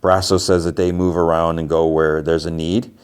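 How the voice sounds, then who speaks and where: This podcast host talks at normal speed in a low, level voice that is clear, resonant and a little mellow. He recaps TV episodes in a relaxed, rambling manner, heavy on the filler "like."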